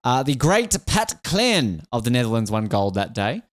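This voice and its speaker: A man's voice: mid-range voice, very animated, normal speed, no room sound, clean studio sound. A man hosting a casual sports podcast, rambling and jokey, laughing often. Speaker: podcast host.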